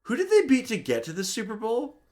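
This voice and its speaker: A man voicing a chirpy teenage girl cashier in a vlog story, talking brightly in a high, questioning voice. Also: wildly swooping pitch, a little fast, heavily acted.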